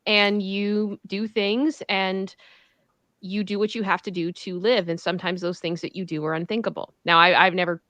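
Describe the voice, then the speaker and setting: A woman co-hosting a casual livestream chat, earnest, firm and measured. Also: medium pitch, fairly even intonation, a bit bright, no room sound. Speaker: co-host.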